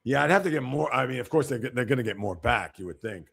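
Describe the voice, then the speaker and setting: A man's voice: mid-range voice, animated, fast, gravelly, fairly bright tone. A male sports show host giving casual livestream commentary, reacting to viewer comments and getting blunt and emphatic when he criticizes.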